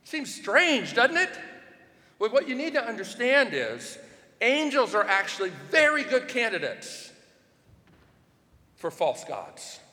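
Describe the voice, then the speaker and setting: Man preaching, high lively voice, bright tone, punchy rhetorical questions, long hall echo. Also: slow, long pauses. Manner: animated, rhetorical questions, rising to shouts for emphasis. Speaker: pastor. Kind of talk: sermon.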